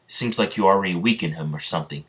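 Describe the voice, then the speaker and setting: Guy doing a stern knight, deep-ish, barking orders, suspicious. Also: fast talker, close to an everyday voice. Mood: accusing. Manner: accusing, commanding.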